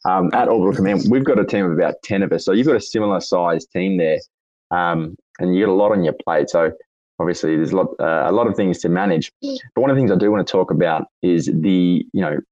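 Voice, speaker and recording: A raspy-voiced Australian man hosts a casual online chat, his pitch sitting very low. He rambles through his questions and corrects himself as he goes. The sound is dull and lo-fi, close and dry. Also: quick pace, a little mellow, dry recording. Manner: rambling, self-correcting questions with frequent fillers. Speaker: host. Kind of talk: casual audio chat interview. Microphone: online audio chat room.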